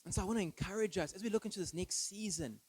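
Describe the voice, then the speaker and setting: A pastor preaching an earnest, emphatic sermon full of rhetorical questions. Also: male voice, high voice, racing, darkish tone, slightly rough, dry recording, low-quality recording. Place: church.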